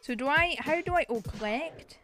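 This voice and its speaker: A woman's voice: sits high, expressive, moderate pace, a bit bright, faint music behind. A young woman casually commenting on a game stream, giggling and swearing as she reads cards aloud.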